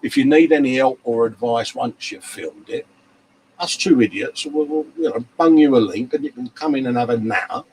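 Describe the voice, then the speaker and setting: A man hosts a casual live stream from his hobby workshop bench, reading viewer comments aloud in a matey, chatty way and calling people mate and love. He's tired from lack of sleep, speaking at normal speed in a medium-pitched, slightly mellow voice. The recording is rough, with a little hiss or hum.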